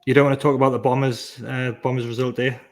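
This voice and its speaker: A man's voice: medium pitch, little pitch movement, racing. A male podcast host leads the chat in a friendly, upbeat manner with a joking edge. His voice sits in an ordinary middle range. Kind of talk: casual podcast hosting.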